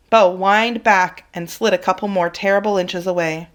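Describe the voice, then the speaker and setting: A woman reading a children's chapter book aloud in an expressive, dramatic way. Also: medium pitch, normal speed. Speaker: reader for children. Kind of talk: storybook read-aloud.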